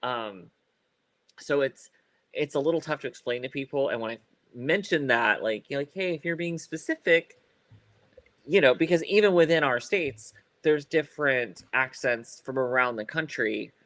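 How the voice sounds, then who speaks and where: A man co-hosting a podcast in loose, casual chat, his mid-pitched voice caught close on a dry mic with no room sound. He wanders through his thoughts, fills pauses with "um" and "like," laughs easily, and trips into a stutter from time to time. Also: fairly bright tone, no room sound. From Ohio. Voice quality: occasional stutter. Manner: rambling, many fillers and restarts, laughs often. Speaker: podcast co-host.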